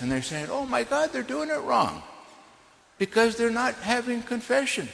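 A man delivers an informal teaching talk with lively emphasis, often pausing to check in with "okay". His voice sits somewhat high and rises and falls a great deal. A long reverb hangs around every phrase. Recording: long reverb of a large hall.

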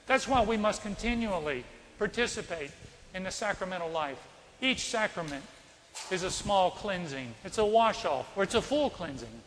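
A priest preaching to his congregation in a high, bright voice. He tells a personal story and asks his listeners questions. The sound has the long ring of a church hall. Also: animated, moderate pace, a little hiss or hum.

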